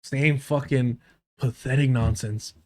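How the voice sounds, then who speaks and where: A man with a mid-range voice speaks at a slow pace while hosting a live stream. Reviewing a debate clip, he delivers profane, mocking, animated rants to his chat.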